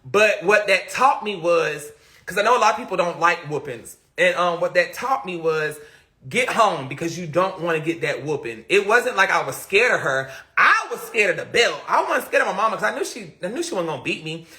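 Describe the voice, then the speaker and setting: Male streamer, very bright tone, animated storytelling with frequent laughs. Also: sits high, a little fast. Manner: animated, laughs often, talks straight to viewers. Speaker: live streamer. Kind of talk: casual storytelling on a live stream.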